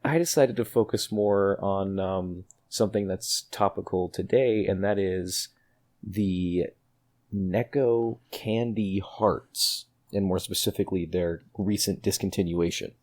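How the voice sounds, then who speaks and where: A man's voice: low voice, unhurried. A young man co-hosting a casual podcast, talking hesitantly with many ums and uhs. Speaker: podcast co-host. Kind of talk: casual chat.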